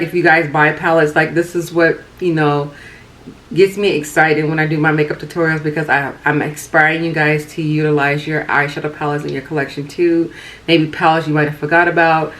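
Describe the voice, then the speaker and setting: Hoarse woman in her thirties, raspy and low-pitched, for a loose, chatty vlogger read. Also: a bit bright. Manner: chatty, rambling, many fillers and restarts. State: hoarse from a cold. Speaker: beauty vlogger. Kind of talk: casual chat.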